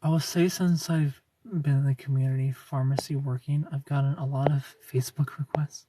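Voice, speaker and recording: A British man hosting a livestream puts on an American accent as he chats casually, reads viewer comments aloud, and laughs often. His medium-pitched voice is expressive, warm, and slightly breathy at a normal speed, and he's recorded from a distance.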